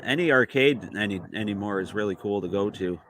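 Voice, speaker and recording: A man's voice: lowish voice, a little fast, a bit bright, slight background noise. A man hosting a retro gaming podcast, talking in a laid-back way with lots of fillers. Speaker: podcast host. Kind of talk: casual chat.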